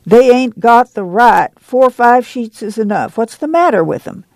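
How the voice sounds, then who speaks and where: A woman's voice: on the high side, lively intonation, moderate pace, a little mellow, no echo, pitched above the performer's own voice. A reader voicing a stern, commanding woman who leads a camp committee, in a folksy rural dialect.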